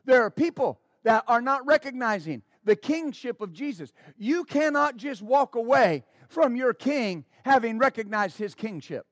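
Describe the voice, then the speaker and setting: Fervent high-voiced male preacher. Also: animated, moderate pace, hardly any pauses, dry recording, clean studio sound. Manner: fervent, exclaiming praise, stammering restarts. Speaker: pastor. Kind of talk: sermon.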